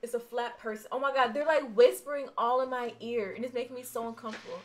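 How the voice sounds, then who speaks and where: A young woman giving casual let's-play commentary as she plays, animated and full of exclamations, sometimes reading game dialogue aloud. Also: a little high, fast. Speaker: gaming streamer.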